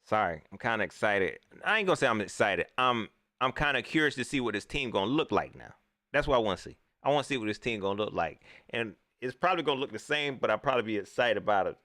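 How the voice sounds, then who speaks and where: A man's voice: on the low side, fast talker, no echo, studio quality. A man, giving casual, joking livestream commentary on football as a sports vlogger. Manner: animated, joking, slangy delivery.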